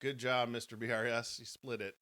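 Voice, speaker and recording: During live podcast banter, a male co-host counts up the listener votes, cracking jokes and laughing along the way. His medium-pitched voice is brisk and sharp-toned, with little pitch movement.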